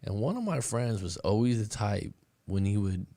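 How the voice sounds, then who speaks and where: A man's voice: on the low side, sing-song, normal speed, mellow, no echo. A man hosting a breakup coaching podcast, chatting casually with his live audience and telling a rambling story full of restarts, calling listeners "boss man.".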